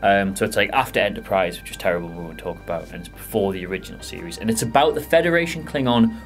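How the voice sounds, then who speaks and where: A man with a Geordie accent who talks fast in a lowish voice, turning the news into dry, deadpan asides. He carries the chat while faint music plays underneath. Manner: quick, wry, deadpan jokes. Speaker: co-host presenting entertainment news. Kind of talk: casual bantering chat.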